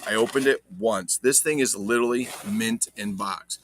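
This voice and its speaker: A man's voice: fairly low pitch, moderate pace, fairly bright tone. A man hosting a casual toy unboxing vlog, joking and talking to viewers while handling items, with mock-dramatic asides. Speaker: toy collector host.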